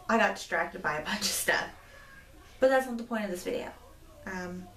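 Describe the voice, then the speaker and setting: A woman's voice: mid-range voice, a bit bright, echoey room, recorded from a distance. A woman in her twenties telling a story to camera, indignant and rambling, with many fillers. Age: 20s. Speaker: vlogger. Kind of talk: storytime vlog.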